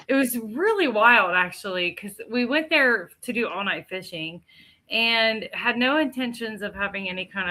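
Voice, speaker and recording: A middle-aged woman telling a story in casual chat, animated and laughing often as she acts out what others said. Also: medium pitch.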